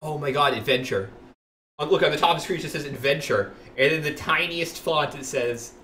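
Male streamer, rambling and excitable, fairly high voice, sits back from the mic with faint noise around him. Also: a little fast. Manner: excitable and rambling, bursts of loud laughter. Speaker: livestreamer playing a video game. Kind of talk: casual let's-play commentary. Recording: echoey room, voice far from the mic.

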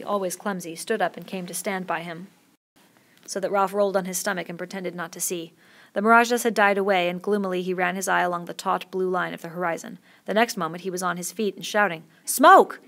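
Woman reading a novel in a gravelly voice. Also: fairly low pitch, fairly even intonation, quick pace, fairly bright tone. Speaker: audiobook reader.

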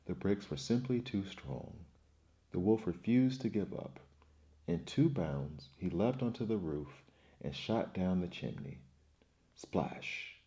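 A man reads folktales in a slow, deep, soothing ASMR bedtime voice. His tone is dark and mellow, and the recording sounds muffled and dull. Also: expressive. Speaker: bedtime storyteller. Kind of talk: ASMR bedtime story reading.

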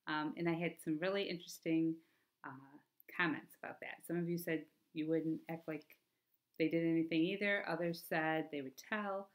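A woman with a lowish voice reads a children's novel aloud to her class in an expressive, storytelling manner. She breaks off now and then for chatty asides to her listeners. Her delivery is unscripted-sounding and friendly in pace. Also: moderate pace.

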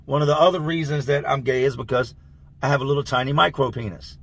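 A man voicing a brash male inmate who boasts deadpan and chants in a singsong. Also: mid-range voice, quick pace, gravelly, husky. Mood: boasting. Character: odd brash male inmate bragging and playing bunny.

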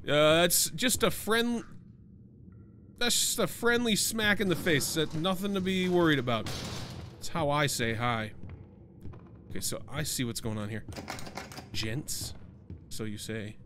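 A young man streaming a horror game, chatting casually, joking and swearing, with sudden excited yelps. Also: on the high side, a little slow, long pauses, noisy background. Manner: jokey, profane, prone to excited yelps. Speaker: gaming streamer. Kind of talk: casual let's-play commentary.

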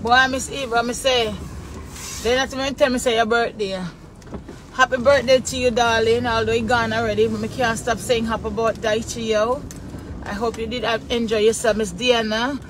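A woman's voice: fairly high pitch, level tone, normal speed. Jamaican lady live-streaming from the car, greets everybody by name, road noise all around. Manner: chatty, greets viewers by name, patois phrasing. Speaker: vlogger greeting live viewers. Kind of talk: casual live-stream chat while driving. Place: inside a car in traffic.

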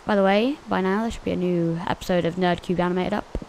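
A woman's voice: on the low side, steady tone, fast, gravelly, darkish tone, slight background noise. A woman hosting a gaming channel, giving casual, chatty gameplay commentary to her viewers and often giggling.

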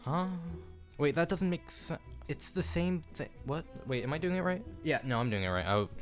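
A man's voice: on the high side, expressive, normal speed, soft background music. A young man filming a casual vlog in his home kitchen on a phone, flustered and self-mocking as he swears through a build. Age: young adult. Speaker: YouTuber. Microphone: phone camera.

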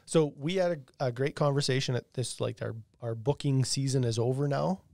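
A man's voice: medium pitch, moderate pace, vocal fry, dark tone, dry recording, clean studio sound. Man co-hosting a casual podcast. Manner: conversational, acts out quoted dialogue. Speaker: podcast co-host.

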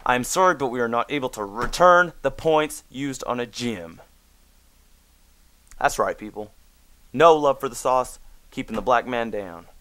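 A man's voice: mid-range voice, animated, a little fast, a bit bright, dry recording. Joking man narrating his game chat. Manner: joking, mock-indignant, drifting into mumbles. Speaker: gaming video host. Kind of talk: casual gaming commentary, reading chat aloud.

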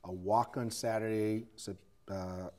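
Male local TV host, lowish voice, friendly interviewer. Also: steady tone, measured pace, a little mellow. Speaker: TV show host.

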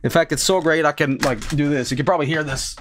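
A young man, a game streamer, telling a rambling story at home on a desk mic, animated and laughing, with swearing and sudden loud outbursts. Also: fairly high pitch, quick pace, slight background noise. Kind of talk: casual storytelling on a live stream. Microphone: desk microphone.

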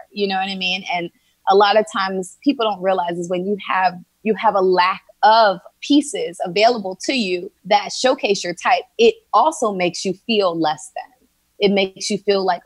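A woman's voice: medium pitch, no echo. A woman from Philadelphia, an actress and writer, talking earnestly in an interview and thinking aloud as she goes. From Philadelphia, USA. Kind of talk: interview conversation.

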